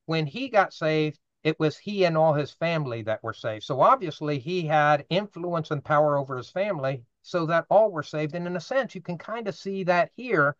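A man's voice: on the high side, no echo, highs cut off. Earnest man leading a Bible study. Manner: earnest, explanatory, asks the group questions. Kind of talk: informal Bible study teaching.

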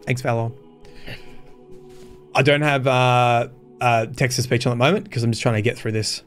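A man's voice: mid-range voice, fairly even intonation, moderate pace, soft background music. A man reading game lore aloud on a stream, breaking off to swear and think aloud in casual chat.

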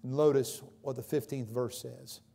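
A male pastor preaching a sermon in a church, swinging between loud emphatic calls and quieter explanation, with frequent questions to the congregation. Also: medium pitch, fairly even intonation, moderate pace, vocal fry. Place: church sanctuary. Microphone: livestream recording from the pulpit.

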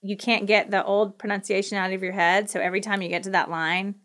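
A middle-aged woman with a Southern US accent, chatting as a podcast guest, quick-talking and often laughing. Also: mid-range voice, little pitch movement, fairly bright tone. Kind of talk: casual conversational interview.

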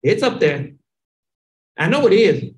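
A woman from Chicago guides a Bible lesson via video call, peppering students with questions, drawing out key words and sometimes rising to a shout. Speaking in a mid-range voice, she's very animated, and the audio is poor.

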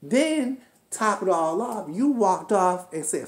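A woman recaps a reality show in a heated, ranting commentary, cursing and scolding the cast as though they could hear her. Her medium-pitched voice is animated but slow.

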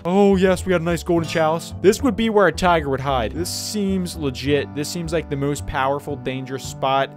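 A young man hosting a game video, excitable commentary that jumps from yelps to whispers. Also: fairly high pitch, fairly quick, few pauses, over music. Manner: excitable, yelps and shouts when attacked, drops to whispers when sneaking. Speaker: gaming channel host.

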